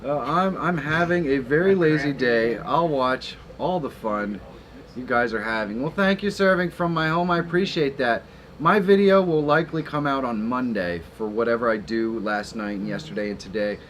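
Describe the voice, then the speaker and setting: A man's voice: mid-range voice, normal speed, slight background noise. Easygoing man hosting a livestream. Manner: relaxed and chatty, with friendly greetings to viewers. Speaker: channel host. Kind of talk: casual livestream chat.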